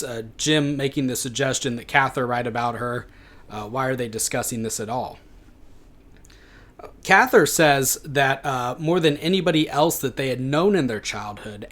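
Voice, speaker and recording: Man, mid-pitched, literature lecturer, unscripted and filler-heavy delivery. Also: a bit bright. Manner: unscripted, frequent "uh" fillers and self-corrections. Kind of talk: recorded classroom lecture.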